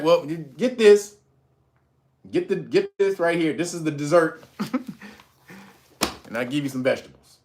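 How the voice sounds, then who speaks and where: A man's voice: on the high side, moderate pace, long pauses, a little hiss or hum. A man hosting a livestream, ranting in a blunt, profane and preachy way. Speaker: livestream host. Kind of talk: heated livestream rant.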